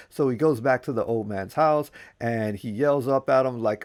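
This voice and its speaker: Casual male storyteller, mid-pitched, slangy, conversational. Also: normal speed, few pauses, darkish tone. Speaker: storyteller and English teacher.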